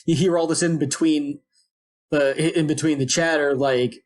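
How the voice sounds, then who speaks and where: A man's voice: a little high, fairly even intonation, moderate pace. A man co-hosting a podcast, telling a long story in a rambling, digressive way. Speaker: podcast co-host. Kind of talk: casual podcast chat.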